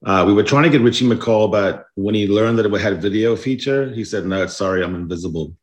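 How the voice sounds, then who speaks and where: A man's voice: lowish voice, brisk. A man from South Africa co-hosting a rugby podcast, trading dry jokes. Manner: joking, deadpan quips. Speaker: podcast co-host. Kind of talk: casual sports podcast banter.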